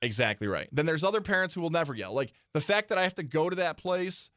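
An easygoing man co-hosting sports radio, his pitch rising and falling a lot as he talks. The sound is dry and close on a studio mic. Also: very animated, fast talker, fairly bright tone, no room sound. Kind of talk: casual sports radio banter. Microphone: studio microphone.

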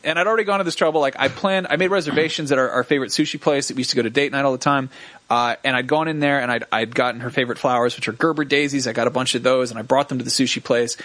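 A young man rattles off a story at a brisk clip, swearing freely and slipping into quoted voices as he goes. His voice is close and dry, with barely any room around it. It sounds like a relaxed podcast chat between friends. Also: medium pitch, dry recording. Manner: fast, profane, animated storyteller acting out quotes. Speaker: podcast co-host. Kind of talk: casual comedic storytelling.

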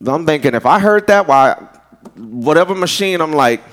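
A pastor preaching a sermon in a loose, conversational way, with folksy asides. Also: male voice, fairly high pitch, animated, normal speed, fairly bright tone.

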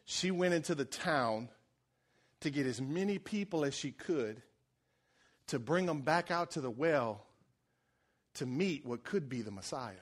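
A male pastor with a high voice preaching a sermon. He retells scripture as a lively story, full of casual modern paraphrase and asides to the congregation. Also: a little slow, long pauses.

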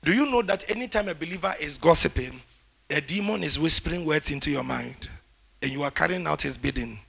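A man preaching a sermon, emphatic, with declarations that rise loud toward the end. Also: fairly high pitch, animated, brisk, vocal fry, slightly rough.

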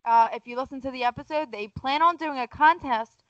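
A woman's voice: high voice, a little fast, no echo, highs cut off. Wry woman co-hosting, dry sound. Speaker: podcast co-host. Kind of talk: casual podcast banter.

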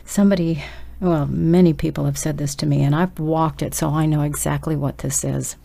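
Low, gravelly-voiced woman preaching urgently. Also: steady tone, normal speed, dark tone. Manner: urgent, emphatic exhortation addressed straight to listeners. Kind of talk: sermon.

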